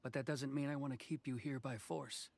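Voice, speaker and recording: Actor as a reserved male official, game dialogue, measured delivery with a dry wit. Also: medium pitch, steady tone, gravelly, a little mellow, slight background noise, lightly acted. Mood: restrained.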